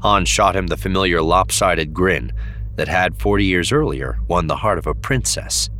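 A man narrating a novel as an audiobook in a steady storytelling manner. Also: sits low, normal speed, slight background noise. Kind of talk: scripted narration.

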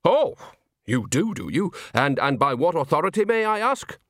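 Nervous, stammering middle-aged owner, read by a male narrator; fussy and rambling, lively pitch. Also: normal speed, no room sound, studio quality. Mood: indignant.

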